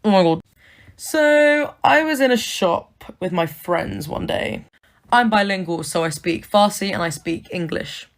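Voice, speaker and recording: A woman telling a story to the camera, excitable and expressive. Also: lowish voice, unhurried.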